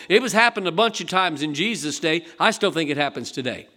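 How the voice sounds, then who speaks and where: A man's voice: high voice, fast, pushed and bright. An older man preaching a sermon in a folksy, conversational way, asking the congregation rhetorical questions. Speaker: pastor.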